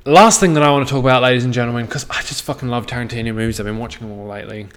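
A man's voice: mid-range voice, rapid-fire, fairly bright tone, clean tone. A young Australian man talking straight to camera in a loose, rambling monologue, swearing freely and often trailing off mid-thought. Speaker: vlogger.

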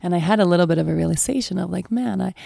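A woman's voice: lowish voice, racing, vocal fry, mellow, dry recording, studio quality. A woman in her thirties, speaking as a parent in a candid, reflective monologue full of "you know" fillers.

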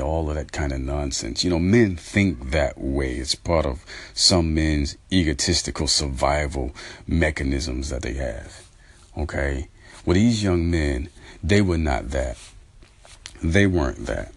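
A man's voice: low voice, lively intonation, measured pace, gravelly, slightly rough, no echo. A middle-aged man hosting a talk show, earnestly retelling a conversation with young men and quoting them at length. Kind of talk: casual spoken commentary.

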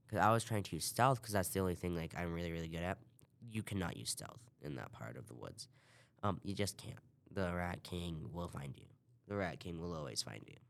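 A man's voice: low voice, vocal fry, a bit bright. A man hosting a podcast, casually recapping a video game in a rambling way and swearing offhand. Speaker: podcast host.

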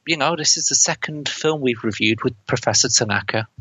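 Husky man retelling a film plot. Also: mid-range voice, a little fast, bright, forceful tone, dry recording. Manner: laughs often while recounting scenes, quotes lines in put-on voices. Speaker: podcast co-host reviewing a film. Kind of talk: casual chat, retelling a plot. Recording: dull, dry close mic.

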